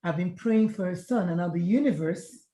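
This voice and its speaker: A woman's voice: fairly low pitch, normal speed, mellow. A middle-aged woman, a retired pediatrician turned life coach, reflectively sharing her story in an interview and acting out past conversations. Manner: reflective, earnest, retells conversations in dialogue. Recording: echoey room sound.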